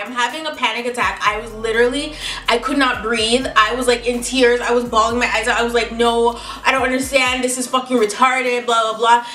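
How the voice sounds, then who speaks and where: A young woman telling a storytime vlog with lots of swearing and emphatic, animated delivery. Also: a little high. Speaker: beauty vlogger. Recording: roomy, distant mic, faint music.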